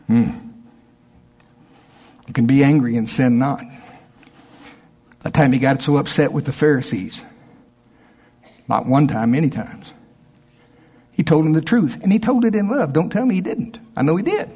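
A man preaching a sermon as a pastor, acting out objections from his listeners in a higher voice. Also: unhurried, pauses often, husky. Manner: animated preaching, voicing objections in a higher pitch.

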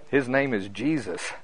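An older man from Oklahoma preaching a sermon as pastor, fervent and storytelling, his voice climbing high when he gets excited. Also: rough recording.

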